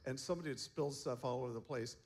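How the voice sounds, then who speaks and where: A man giving a seminar talk as a counselor, telling stories in a relaxed way and chuckling often. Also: mid-range voice, racing. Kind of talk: storytelling talk to a seminar group.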